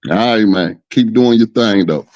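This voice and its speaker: A man's voice: lowish voice, normal speed, darkish tone, no echo. A man calling in as a guest who talks hesitantly and guardedly, on dull lo-fi call audio. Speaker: guest caller. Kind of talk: casual call-in talk.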